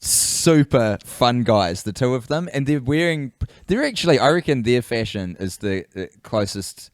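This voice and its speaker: A man's voice: medium pitch, animated, moderate pace, no echo, studio quality. A man co-hosting a comedy podcast, playful and riffing in casual chat. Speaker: podcast co-host.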